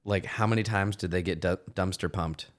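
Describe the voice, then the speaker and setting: A man's voice: sits low, fairly even intonation, normal speed. A man co-hosting a podcast, talking in rambling, slangy casual chat. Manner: slangy, rambling, full of "like" fillers. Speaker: podcast co-host. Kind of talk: casual crude banter.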